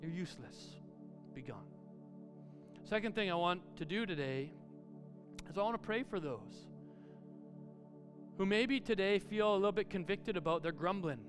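A man preaching a sermon as pastor, with loud build-ups broken by quiet asides. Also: high-pitched, moderate pace, pauses often. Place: church auditorium. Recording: live church sound with long reverb and faint music.

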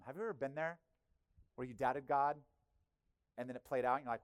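A male pastor preaching a sermon in a conversational, animated way, often acting out quotes. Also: medium pitch, a little fast, pauses often, clean tone, dry recording.

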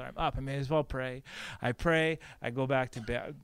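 A male pastor giving a conference breakout talk in an animated, conversational, storytelling way, with frequent "like" and "right?" asides. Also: medium pitch, brisk, no room sound.

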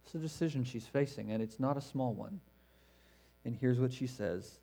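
A man preaching an expository sermon in a conversational way, swinging between emphatic stresses and hushed, quiet asides. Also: medium pitch, moderate pace. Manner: conversational, with fillers and self-corrections.

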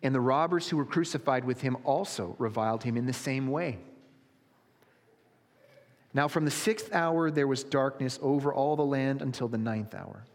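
Preacher reading scripture in an echoing hall. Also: male voice, medium pitch, normal speed. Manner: reads with rising dramatic emphasis. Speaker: pastor. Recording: long reverb of a large hall.

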